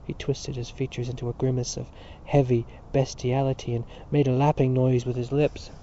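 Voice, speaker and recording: A man reading a literary novel aloud in measured, even narration, on a dull recording with faint hiss. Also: mid-range voice. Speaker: audiobook narrator.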